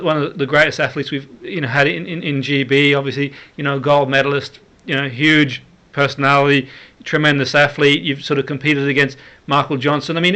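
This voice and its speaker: A man's voice: on the high side, fairly bright tone. A man hosting a radio sports show, asking long, encouraging questions full of fillers. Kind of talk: radio interview.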